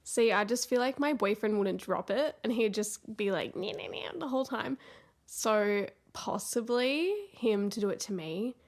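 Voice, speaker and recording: A woman's voice: a little high, unhurried. A young woman, co-hosting a casual podcast over a video call, blunt and teasing. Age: young adult. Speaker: podcast co-host. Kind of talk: casual chat.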